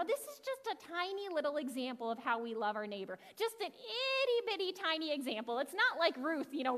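A woman pastor preaching a sermon, telling a story quickly and with lots of animation. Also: high-pitched, big-room sound. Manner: talks fast and animated, storytelling to the congregation. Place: church sanctuary.

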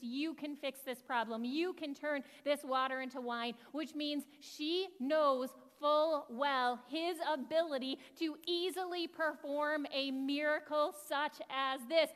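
A woman's voice: high-pitched, fairly bright tone. A woman pastor giving a chatty, conversational sermon with asides to the congregation. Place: church sanctuary. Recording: long church reverb.

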